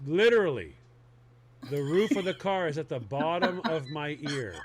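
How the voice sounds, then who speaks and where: A man with a high voice tells a comic story in relaxed chat, often laughing mid-sentence. A crowd can be heard clearly behind him. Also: moderate pace. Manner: animated, laughing through the story. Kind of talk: casual comedic storytelling.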